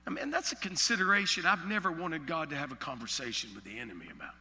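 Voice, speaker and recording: A pastor from Alabama with a Southern accent, preaching a sermon with folksy, joking asides. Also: male voice, fairly high pitch, animated, fast, pushed and bright, in a large hall.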